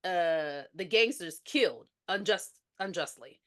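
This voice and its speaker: A woman's voice: fairly low pitch, lively intonation, measured pace, over a noisy crowd. A woman podcast co-host recapping a movie in casual chat, animatedly acting out the characters' lines as she tells the story.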